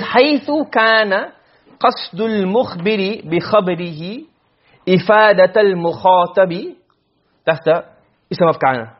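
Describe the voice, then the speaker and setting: A man teaching a lesson in Arabic rhetoric, explaining step by step and often checking that his students follow. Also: sits high. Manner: acts out short quoted exchanges. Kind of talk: classroom lecture. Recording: dull lo-fi classroom recording.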